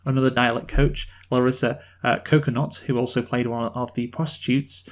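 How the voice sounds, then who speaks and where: A man from the North of England co-hosting a film review podcast, talking enthusiastically and rambling with halting restarts. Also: mid-range voice, flat delivery. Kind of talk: casual film discussion.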